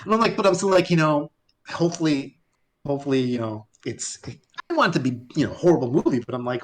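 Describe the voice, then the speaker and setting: A man telling a story as a guest on a live-streamed talk show. His pitch swings widely as he jumps between the people in his story, acting out both sides and laughing often along the way. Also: animated, quick pace, fairly bright tone. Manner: acts out both sides of remembered conversations. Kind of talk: animated storytelling in casual talk.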